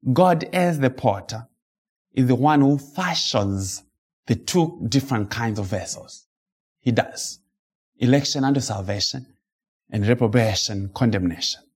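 A man preaching an expository sermon, emphatic and rhetorical, reading scripture slowly and dramatically, with sudden high-pitched outbursts. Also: a little mellow.

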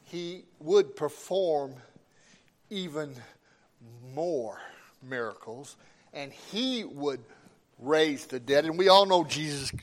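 Slow-preaching man pastor. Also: on the high side, lively intonation. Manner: preaching with rising emphasis and call-outs to the congregation. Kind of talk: sermon.

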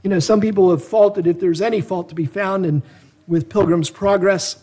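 A man delivering a sermon in a notably high voice. He presses his hearers with rhetorical questions and earnest calls to examine themselves, slowing down to stress key phrases. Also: fairly even intonation, warm tone, slightly rough. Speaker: preacher.

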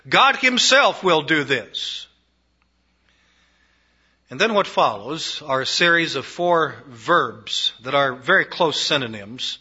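A man preaching a sermon, emphatic, moving between raised declarations and hushed, low phrases. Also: expressive, a little slow, breathy edge. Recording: dull lo-fi recording.

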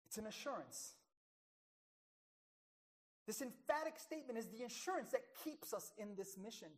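A woman preaching a sermon, emphatic, dropping to a hush and rising loud again, slowing down on key words. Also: on the high side, lively intonation.

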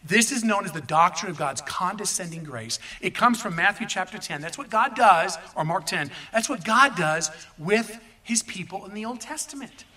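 High-voiced preaching man, far from the mic. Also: normal speed, hardly any pauses. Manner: animated preaching with asides to the congregation. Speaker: pastor. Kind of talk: sermon.

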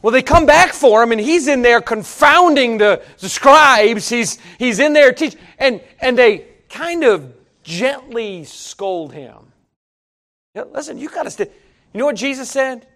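A man's voice: extremely high pitch, animated, measured pace, fairly bright tone. A middle-aged man preaching a sermon, telling folksy stories and talking straight to the congregation. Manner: folksy, storytelling preacher, addresses congregation directly. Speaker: pastor.

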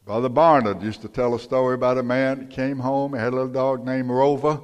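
An older male pastor preaching in a homey, storytelling way, his pitch sitting in an ordinary middle range. He moves between earnest appeals and down-to-earth anecdotes. His voice rings out in a long reverb in a church sanctuary. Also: level tone, fairly quick, clean tone. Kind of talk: sermon.

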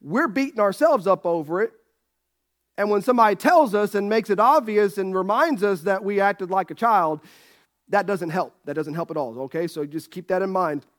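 A man's voice: high-pitched, normal speed, fairly bright tone. A middle-aged man preaching a sermon as pastor, folksy and joking with his congregation. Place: church sanctuary.

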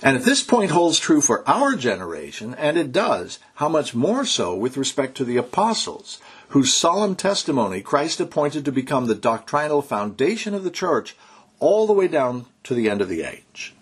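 A man preaching a sermon, exhorting his listeners and slowing down to stress key words. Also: medium pitch, sing-song, husky. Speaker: pastor.

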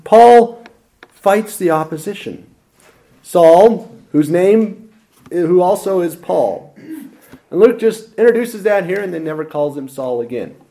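A man preaching a lively expository sermon with dramatic emphasis. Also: high-pitched, slow pace, vocal fry.

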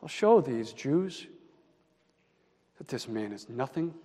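A man preaching a sermon. He moves between loud emphatic lines and hushed, near-whispered ones. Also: medium pitch, sing-song, takes it slowly. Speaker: pastor. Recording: long hall reverb.

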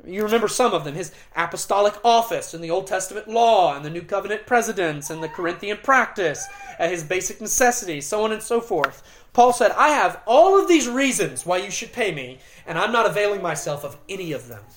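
A middle-aged pastor delivering an expository sermon, earnest and emphatic, with dramatic pauses and occasional restarts. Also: male voice, high-pitched, animated, a little hiss or hum.

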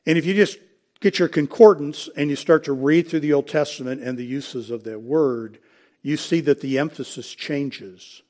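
A man's voice: fairly high pitch, normal speed, dark tone. A male preacher teaching from scripture. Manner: expository preaching, citing verses and addressing the congregation as folks; clears his throat now and then. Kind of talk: sermon.

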